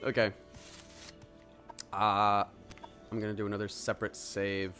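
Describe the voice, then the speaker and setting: A man's voice: fairly low pitch, level tone, a little slow, a bit bright, soft background music. A man hosting a let's play, giving reactive gameplay commentary and exclaiming at what happens in the game.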